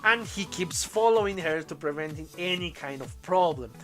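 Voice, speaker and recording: A woman's voice: lowish voice, expressive, moderate pace, soft background music. A woman giving a casual spoken review of an anime episode. She rambles in English as a second language, with loose grammar and many restarts.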